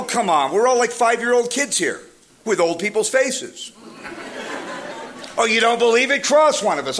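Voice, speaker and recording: A man giving a humorous motivational recovery talk, telling stories with energy and jokes. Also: extremely high pitch. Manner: energetic joking storyteller. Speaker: recovery speaker.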